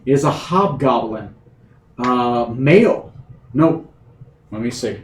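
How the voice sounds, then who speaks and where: A man's voice: mid-range voice, lively intonation, slow, long pauses, slight background noise. A man narrating a tabletop game as game master, hesitant with many fillers. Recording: echoey room.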